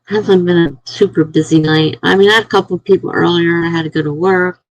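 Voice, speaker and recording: A woman's voice: lowish voice, steady tone, brisk, dry recording, poor audio. A woman chatting casually on a live stream, telling a rambling story to her viewers and sounding tired.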